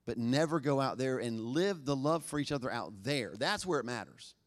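A middle-aged man preaching a conversational sermon, joking and acting out quotes in lively voices. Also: medium pitch, normal speed. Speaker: pastor.

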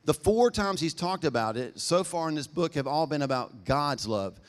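A man preaching a sermon, talking fast and conversationally with a self-deprecating humor. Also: on the high side, animated. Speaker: pastor.

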